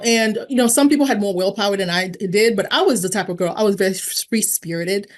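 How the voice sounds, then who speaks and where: A woman in her fifties, a guest telling her own recovery story, speaking frankly and casually, with lively jumps in pitch when she acts out what people said. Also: fast talker, few pauses. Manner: animated, jumps in pitch when acting out quotes; frank and conversational, with many fillers. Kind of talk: candid personal storytelling.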